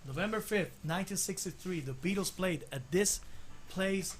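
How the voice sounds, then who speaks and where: Guy cohosting a chat show, high pitched, easygoing and excited. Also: moderate pace, crowd noise. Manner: enthusiastic, laid-back, switches between English and Spanish. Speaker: co-host of a music talk show. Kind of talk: casual bilingual chat.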